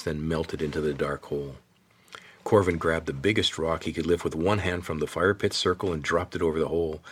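Deep husky male storyteller. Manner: steady, measured storytelling. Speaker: narrator. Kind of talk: scripted audiobook narration.

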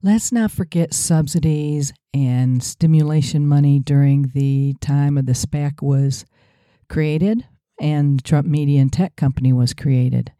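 A woman's voice: deep voice, dark tone, dry recording, clean studio sound. A woman co-hosting a podcast, talking in a sarcastic, mocking way. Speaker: podcast co-host. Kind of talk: opinionated podcast chat.

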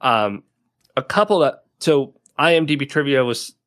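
A man's voice: mid-range voice, expressive, normal speed, a bit bright. A man co-hosting a podcast, casually recapping a TV episode with lots of "like" and frequent laughs. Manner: chatty, laughs often, leans on "like" a lot. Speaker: podcast co-host.

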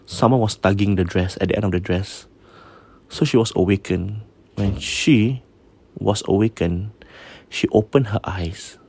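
A man with a Singaporean English accent casually retelling a ghost story, mixing in Malay and often restarting his sentences, going quiet at the eerie parts. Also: fairly low pitch, measured pace, husky. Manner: drops to a hush for eerie parts.

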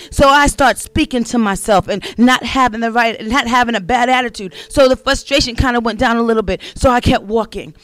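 Smooth-voiced middle-aged woman telling a story. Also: fairly high pitch, fairly quick, hardly any pauses, no room sound. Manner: conversational, repeats herself, addresses listeners directly. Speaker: speaker sharing a personal testimony. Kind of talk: casual storytelling monologue.

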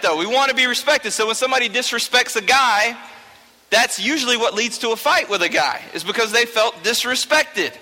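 A youth teacher, a young man with a very high-pitched, bright and forceful voice, gives an informal talk to a youth group. He jokes and chats, often checking in with "okay?", and the recording carries the long reverb of a large hall.

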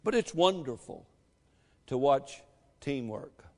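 A man preaching a sermon to his church, emphatic, calling for amens and shouting at the peaks. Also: medium pitch, big pitch swings, slow pace. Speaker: pastor. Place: church sanctuary. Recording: long reverb of a church hall.

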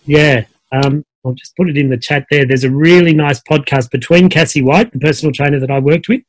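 A man's voice: on the high side, fairly quick, dry recording. A middle-aged man with an Australian accent, a coach chatting casually on a video call with many fillers. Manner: relaxed storyteller, many fillers. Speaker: guest coach. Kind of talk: casual conversation.

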